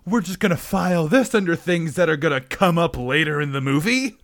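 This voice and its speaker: A man's voice: on the high side, lively intonation, fairly quick, a bit bright. A young man co-hosting a casual podcast, recapping a movie with sarcastic asides. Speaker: podcast co-host. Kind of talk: casual chat.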